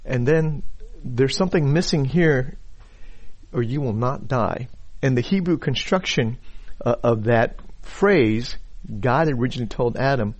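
Male pastor giving a sermon, middle pitch, slow and thoughtful, repeats words a lot. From Chinese background. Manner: unhurried, repeats words while thinking, reads scripture aloud.

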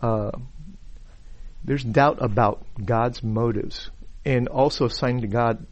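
A man preaching a sermon at a steady, unhurried pace. He restarts words as he gathers his thoughts and now and then reads scripture aloud. His voice sits at an ordinary middle pitch. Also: muffled recording. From Chinese background. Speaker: pastor.

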